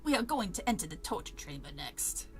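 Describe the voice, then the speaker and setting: A woman's voice: lowish voice, big pitch swings, fairly quick, soft background music, voice pushed down. A woman voicing a cheerful, joking middle-aged male tour guide in a read-aloud story. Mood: announcing. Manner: bright, casual, teasing.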